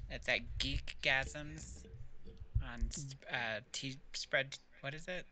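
Male co-host, mid pitch, tense bright tone, deadpan and relaxed. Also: slow, slight background noise. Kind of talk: casual chat.

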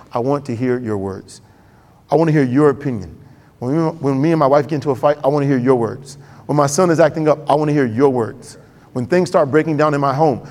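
A man's voice: medium pitch, darkish tone, in a large hall. A male pastor preaching a sermon in a conversational way, acting out quoted voices.

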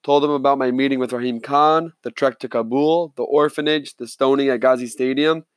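A man narrates a novel in a steady, measured way. His voice is mid-pitched, and the recording is close and dry with no room sound. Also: no echo. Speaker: audiobook narrator. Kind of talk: scripted narration.

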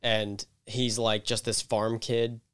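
A man's voice: lowish voice, little pitch movement, takes it slowly, fairly bright tone, clear, resonant tone. Chatty, filler-heavy podcast co-host man. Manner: chatty, hesitant with many fillers. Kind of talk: casual podcast chat.

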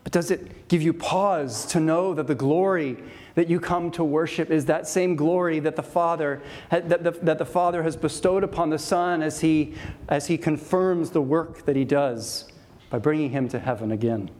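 A male pastor delivering an evening sermon in a slightly higher-than-usual voice. He preaches with earnest emphasis and returns to key phrases again and again to drive his points home. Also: moderate pace, darkish tone.

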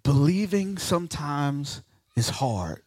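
A guest pastor preaching a sermon to a congregation. He acts out the speakers he quotes and swings from loud declarations down to hushed near-whispers. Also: fairly high pitch, big pitch swings, takes it slowly, husky, no room sound, clean studio sound.

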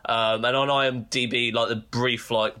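Young man, British accent, podcast co-host, bright voice, rambling, sweary. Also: medium pitch, flat delivery, moderate pace, clear, resonant tone. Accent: British English. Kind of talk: casual chat.

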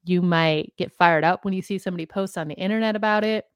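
A woman hosting a faith podcast, calmly coaching listeners through reflective questions. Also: on the low side, quick pace, clean tone, no echo, dull audio. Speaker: host. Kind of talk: guiding reflective podcast discussion.

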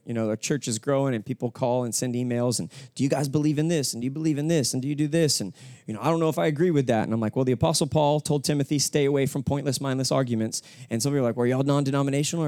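A man preaching a sermon to a church crowd, his voice sitting at a medium pitch. He slips easily from offhand jokes and anecdotes into emphatic, earnest points. The sound is close and dry, with little room around it. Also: darkish tone, dry recording. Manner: conversational, joking storytelling with emphatic preaching. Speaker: pastor. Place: church hall with live congregation.

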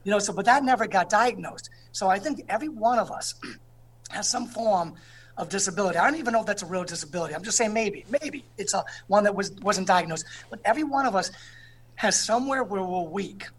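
A man speaking as a guest in an interview, telling stories with lively energy and often asking "you know what I'm saying". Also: high voice, brisk, a little hiss or hum.

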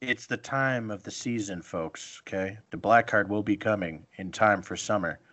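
A man's voice: lowish voice, normal speed. A man co-hosting a casual podcast, joking and talking over his friends. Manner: jokey, animated, talks over others. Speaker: podcast co-host. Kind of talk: casual banter.

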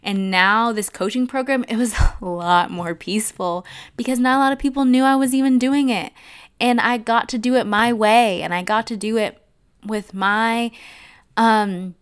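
Young woman, podcast host and life coach, heartfelt and direct, smooth clear voice. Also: a little high, fairly even intonation, normal speed. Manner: earnest, heartfelt, addresses listeners directly. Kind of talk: personal podcast monologue.

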